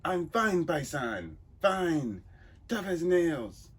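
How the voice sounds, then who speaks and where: A man's voice: a little high, very animated, very slow, slightly rough, pitched above the performer's own voice, full character voice. A man doing a curt crime boss. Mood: gruff. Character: proud older male crime boss. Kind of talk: comic book reading with voices.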